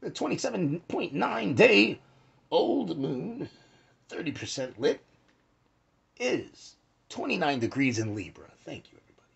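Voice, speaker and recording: A young man hosting an astrology talk in a casual, rambling way, swearing and jumping between shouts and whispers as he acts out quotes. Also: fairly high pitch, sing-song, a little slow, vocal fry, pauses often, husky, lo-fi sound.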